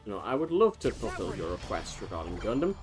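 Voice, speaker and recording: A man's voice: fairly low pitch, sing-song, fast talker. A man streaming a video game, chatting casually and wandering off into long tangents full of fillers. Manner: rambling, talks in long tangents with many fillers. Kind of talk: casual let's-play commentary. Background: faint game music.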